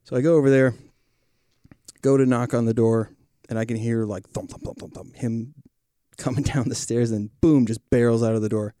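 Man telling a story, dark and dry. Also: mid-range voice, steady tone, moderate pace, smooth, no room sound. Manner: storytelling, acts out quoted voices. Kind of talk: casual chat.

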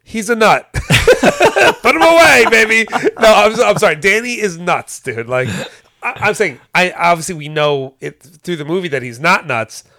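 A man with a fairly high, bright voice that swings up and down a lot, talking bluntly and cursing as he chats on a podcast. He laughs often, and the recording is dry and close. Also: animated, normal speed, dry recording. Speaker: podcast co-host. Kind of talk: casual chat.

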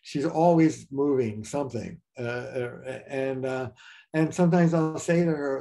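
An older man speaks with a dark, mellow tone as a guest therapist in an interview. His talk is frank and anecdotal, full of fillers and quick restarts. He sounds unhurried and plain-spoken. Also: mid-range voice, creaky.

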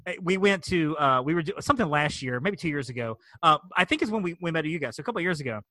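A man's voice: on the high side, expressive, very fast, bright, forceful tone, no room sound. A middle-aged man co-hosting a podcast, chatting casually and rambling enthusiastically, with many restarts and fillers. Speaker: podcast co-host. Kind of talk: casual chat.

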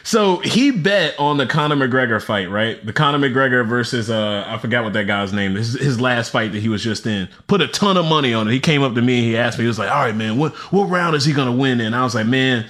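Guy guest on a podcast, chill and slangy, bright voice that swings around a lot. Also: medium pitch, animated, fairly quick, few pauses. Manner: laid-back, slangy, says "bro" and "man" a lot. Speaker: podcast guest, sales director. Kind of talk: casual chat.

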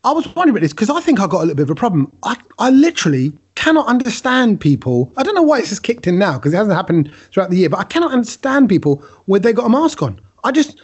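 A man's voice: sits high, sing-song, very fast, few pauses, breathy edge, muffled recording. A man, a podcast co-host joking and teasing his friend in casual chat.

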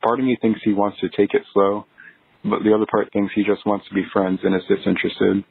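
A man from Texas leaves a voicemail over a thin, phone-like line. His voice sits very low and flat, with a gravelly, husky edge. He tells his story in an earnest, steady way. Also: fairly quick, no echo. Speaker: voicemail caller. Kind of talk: phoned-in voicemail asking advice.

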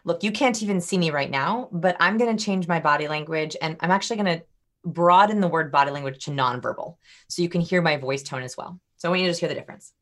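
Animated woman expert, lowish voice. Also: fast. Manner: animated, demonstrates vocal tones. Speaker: body language expert guest. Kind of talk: podcast interview.

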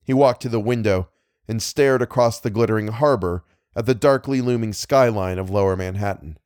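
A man narrating a horror story in a measured, dramatic reading. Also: on the low side, a little mellow, no room sound, studio quality. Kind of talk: scripted horror fiction reading.

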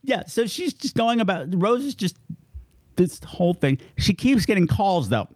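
A man co-hosting a podcast, chatting casually and jokily, with quick asides in comic voices. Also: sits high, no room sound, clean studio sound. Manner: jokey, animated, slips into comic voices. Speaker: podcast co-host. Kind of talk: casual chat.

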